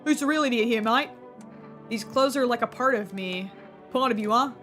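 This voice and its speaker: A man's voice: very high voice, moderate pace, sharp tone, faint music behind. An actor playing a grumpy, confrontational male stranger in a video game who talks in slang and calls people mate. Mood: combative.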